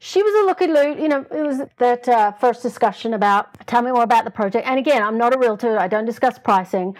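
A woman's voice: on the high side, fast. An older woman, a guest, telling stories in a casual interview and acting out the lines she quotes. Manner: lively, acts out quoted lines, laughs often.

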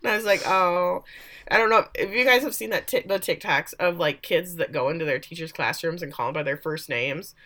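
A woman's voice: on the low side, fast, hardly any pauses, bright, forceful tone. A woman casually recapping a TV episode, acting out characters with big vocal swings. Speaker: podcast co-host.

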